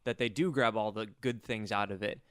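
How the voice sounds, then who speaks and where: A young man co-hosting a casual podcast, chatting with quick interjections and frequent agreeing sounds. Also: lowish voice, fairly bright tone, clean tone, no echo, clean studio sound. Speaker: podcast co-host. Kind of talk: casual chat.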